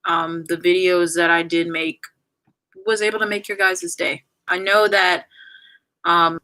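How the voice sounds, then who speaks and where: Young woman, livestream chat, rambling, says y'all, tearful, bright voice, lowish pitch. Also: flat delivery, unhurried, poor audio. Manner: rambling, many fillers and restarts, addresses viewers as y'all. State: tearful, crying at times. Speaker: YouTuber ending her channel on a livestream. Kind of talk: casual livestream chat, reading viewer comments.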